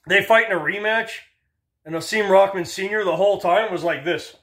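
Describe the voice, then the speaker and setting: Casting: man in his thirties with a high voice for a casual, profane rant, lively storyteller who does other people's voices. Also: moderate pace. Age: 30s. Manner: animated storyteller, swears, acts out voices. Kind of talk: casual ranting commentary.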